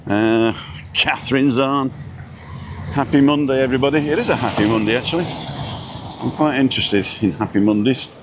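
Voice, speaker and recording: A middle-aged man with an everyday mid-range voice hosts a relaxed live stream outdoors. He rambles easily and greets viewers by name, adding little asides as he goes. A faint hum of passing traffic sits behind him. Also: medium pitch, normal speed, long pauses. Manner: rambling, reads out viewer names with small asides. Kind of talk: casual live-stream chat. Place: outdoors with a view over hotels. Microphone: camera set down in front of him.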